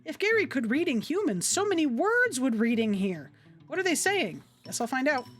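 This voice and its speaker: Soft music plays as a young woman with a high-pitched, slightly bright voice streams a game at a moderate pace. Her pitch swings widely while she chats casually with viewers and reads game text upbeat.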